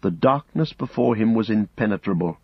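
Husky, low-voiced male audiobook narrator. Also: lively intonation, no echo. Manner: measured, grave storytelling. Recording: dull lo-fi audiobook recording.

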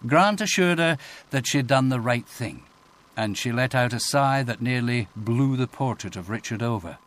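A man narrating an audiobook in a measured, expressive reading voice. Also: medium pitch. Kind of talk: scripted narration.

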